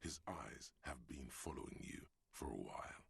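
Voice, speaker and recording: Brief: a gruff game narrator, extremely deep, gravelly, dry close mic. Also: male voice, lively intonation, moderate pace, a bit bright, dry recording, in a whisper, exaggerated voice. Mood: terse. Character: gruff male inner voice narrator. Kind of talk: scripted narration.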